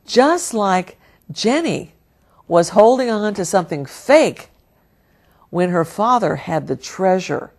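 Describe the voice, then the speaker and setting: A woman preaching a sermon by telling a story in an earnest manner. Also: on the low side. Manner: earnest, storytelling, softens at the close. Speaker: Christian speaker.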